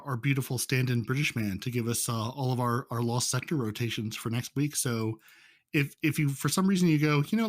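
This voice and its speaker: A man hosting a casual gaming podcast, joking and often repeating words as he talks. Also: mid-range voice. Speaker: podcast host.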